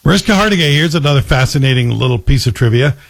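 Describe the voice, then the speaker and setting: A man's voice: mid-range voice, lively intonation, quick pace, creaky. A man hosting a morning talk radio show, chatting casually and sharing bits of trivia.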